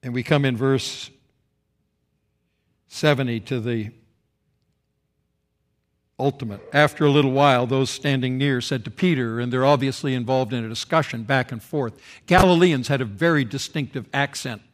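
A male pastor delivers a sermon in a voice of middle pitch. He shifts his volume a lot, rising loud for emphasis and falling soft and solemn. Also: moderate pace, long pauses. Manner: expressive preaching, rising loud for quoted speech and dropping soft for solemn lines.

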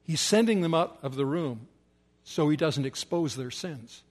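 A man preaching a sermon with emphatic repetition, often dropping to soft, low tones. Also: lively intonation, a little slow.

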